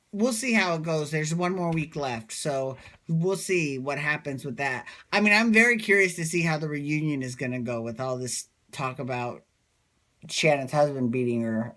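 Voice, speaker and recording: In a chatty recap vlog about a reality show, a man speaks with a slightly high, fairly bright voice. He rambles and gossips, sprinkling in plenty of fillers and asides.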